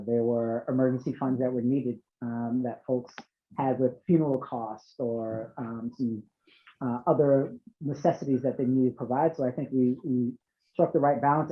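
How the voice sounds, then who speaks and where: A man with a Boston accent, a nonprofit CEO speaking earnestly on a panel, with many pauses and fillers. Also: mid-range voice, steady tone. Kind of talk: panel discussion. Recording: tinny phone-like call audio.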